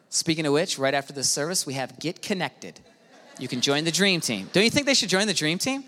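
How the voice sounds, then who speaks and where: A man preaching a sermon as pastor, animated, swinging from hushed to shouting. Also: on the high side, fairly quick, a faint crowd. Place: church auditorium. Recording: reverberant hall with music behind.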